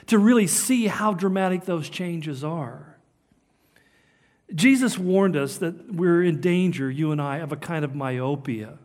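A man's voice: a little high, darkish tone. An older man from Southern California giving an earnest, emphatic sermon, his delivery rising and falling. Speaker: preacher. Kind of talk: sermon on prophecy.

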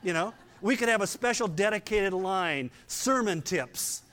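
An older man giving a sermon as pastor, conversational, with playful asides and passages where he drops low and quiet for emphasis. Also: expressive, a little slow, slight background noise.

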